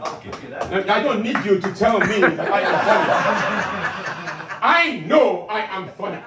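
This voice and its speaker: In a noisy, echoey pub gig room, a man performs character comedy as a self-styled African dictator, his voice booming, boastful, and commanding. He's expressive and speaks at a normal pace, lecturing and teasing a loud crowd, captured by a distant mic.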